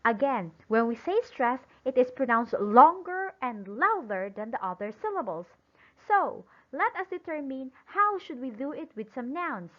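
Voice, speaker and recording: A woman teaching an English lesson slowly and emphatically, pausing for imagined answers and praising them. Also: sits high, very animated. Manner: praising and drawing out example words. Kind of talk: recorded classroom-style lesson. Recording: dull lo-fi sound.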